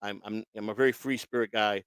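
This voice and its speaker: A man's voice: lowish voice, fairly even intonation, brisk, clear, resonant tone, no echo. A man telling his own story as a guest in blunt, profane casual talk, acting out what other people said. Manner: blunt, swears constantly, acts out other people's lines.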